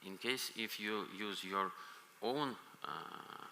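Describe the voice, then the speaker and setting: A man presenting at a conference and answering audience questions, pausing often with filler sounds. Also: lowish voice, gravelly, pushed and bright. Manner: halting, many filler pauses. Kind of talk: technical Q&A. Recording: reverberant conference hall, faint noise.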